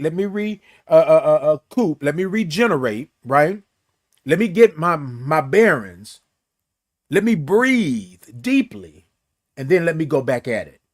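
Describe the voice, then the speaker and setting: A man's voice: on the high side, no room sound, studio quality. A man hosting a motivational live stream, talking in a preachy way, repeating his phrases and greeting viewers in the chat. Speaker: host.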